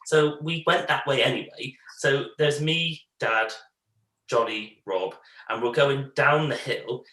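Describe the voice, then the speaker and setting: Bright-voiced man telling stories. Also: mid-range voice, takes it slowly, reverberant, rough recording. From Bristol, England. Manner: animated anecdotes, acts out family quotes. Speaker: podcast co-host. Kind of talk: casual storytelling chat.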